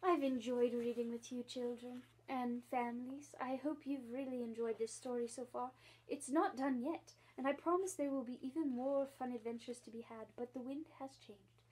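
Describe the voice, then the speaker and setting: A woman librarian reading a children's book aloud and talking warmly to young listeners. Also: high-pitched, moderate pace, slightly rough, low-quality recording. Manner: warm, encouraging, expressive. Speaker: school librarian.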